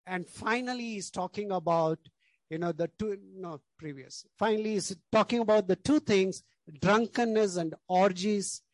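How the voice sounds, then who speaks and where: A man's voice: high-pitched, moderate pace, no echo. A male pastor preaching a sermon, stressing key words, repeating lists and leaning on "you know".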